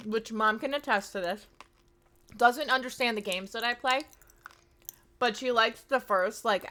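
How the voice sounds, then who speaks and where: A woman's voice: a little high, bright, forceful tone. A woman in her thirties chatting casually to her live-stream audience, rambling with plenty of fillers. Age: 30s.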